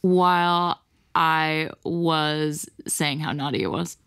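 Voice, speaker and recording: A woman's voice: low voice, fairly even intonation, slow pace, fairly bright tone, smooth, no echo, clean studio sound. A woman in an intimate late-night podcast chat, candid and giggly.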